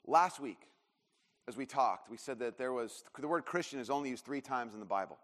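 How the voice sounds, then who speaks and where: A man's voice: medium pitch, lively intonation, fairly quick, a bit bright. A man in his thirties preaching a sermon, telling a story in a rambling way with lots of fillers and restarts. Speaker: pastor. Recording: long hall reverb.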